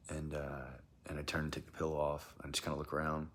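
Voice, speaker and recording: In a rumbling low voice with a breathy edge, a man recounts a strange personal experience briskly but with a completely flat delivery. He rambles and hesitates, often dropping into a whisper as he tells his casual first-person account.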